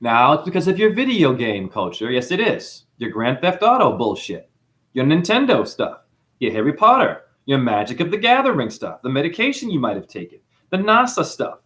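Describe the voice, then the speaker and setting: New Zealand-accented man, livestream host, rambling and preachy, very lively pitch. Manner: rambling, preachy, calls listeners honey. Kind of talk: livestream monologue reading chat.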